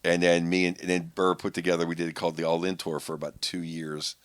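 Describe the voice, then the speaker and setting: A middle-aged man with a very low voice talks in a loose, rambling way, restarting his sentences as he tells road stories on a podcast. The sound is close and dry, with no room around it. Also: monotone, quick pace, smooth, no room sound. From Pittsburgh. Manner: rambling, many restarts and filler words. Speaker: guest comedian. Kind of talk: casual podcast chat.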